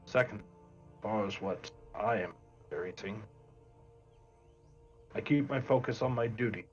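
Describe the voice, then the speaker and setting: Man as a stern, honor-bound lawman, measured formal delivery, slightly low, lo-fi recording. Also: a little mellow, natural voice. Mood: solemn. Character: stern dutiful male lawman. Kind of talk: tabletop role-play in character. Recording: muffled lo-fi mic, faint music.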